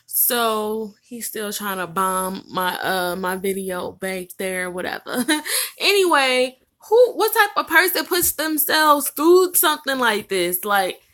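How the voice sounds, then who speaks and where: A woman's voice: mid-range voice, slow pace. A woman hosting a reaction video, exclaiming in disbelief and chatting to her viewers. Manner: exclaiming, animated, talking to viewers. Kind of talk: casual reaction commentary.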